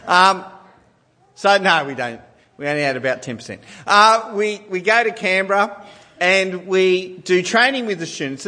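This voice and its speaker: A man's voice: a little high, pushed and bright, long reverb tail. A man in his forties preaching a sermon, telling family stories with self-deprecating humour. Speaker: pastor.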